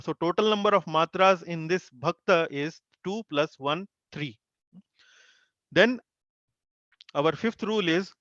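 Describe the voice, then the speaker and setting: A man teaching an online class, his voice a little high for a man. He explains slowly, repeats syllables and fills gaps with "uh". The sound is dull and lo-fi, close and dry. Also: fairly bright tone, no echo. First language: Hindi. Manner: slow explaining with many fillers and repeated syllables. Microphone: video call.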